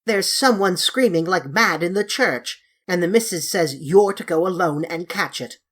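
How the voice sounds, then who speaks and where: A woman voicing a pert, sly young housemaid who talks briskly. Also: fairly low pitch, expressive, breathy edge.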